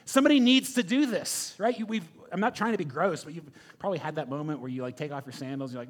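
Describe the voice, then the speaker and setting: Fast-talking and lively in intonation, this pastor has a fairly high voice. He gives his sermon in a conversational, emphatic way, frequently tossing out "right?" to check in with the audience.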